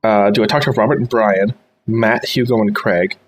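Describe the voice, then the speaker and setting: A man's voice: fairly low pitch, fairly even intonation, moderate pace, slight background noise, low-quality recording. Giggly young man reading a game aloud. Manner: giggly, swears casually while reading. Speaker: streamer.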